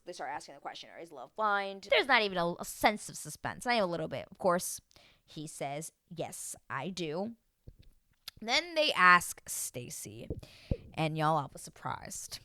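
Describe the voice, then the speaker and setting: Lively, bright-voiced woman recapping TV. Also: mid-range voice, unhurried, slight background noise. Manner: chatty and expressive, swears freely, acts out quotes. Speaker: TV recap vlogger. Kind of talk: casual reality-show recap.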